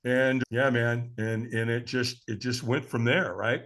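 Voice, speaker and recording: A man's voice: mid-range voice, fairly even intonation, measured pace, fairly bright tone. A man in his sixties, a podcast guest telling a story with animation, acting out the voices of the people he quotes and chuckling along.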